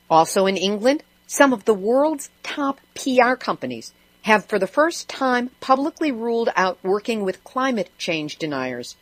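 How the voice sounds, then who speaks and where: A woman's voice: mid-range voice, no echo. A woman hosting a radio show, reading news in a scripted way with wry, sarcastic asides.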